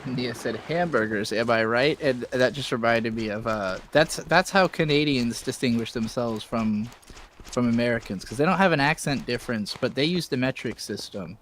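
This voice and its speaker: A man's voice: medium pitch, moderate pace, a bit bright, slight background noise. A man hosting a podcast in a casual chat, reading out chat comments and hunting for words as he goes. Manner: easygoing, trailing off and hunting for words.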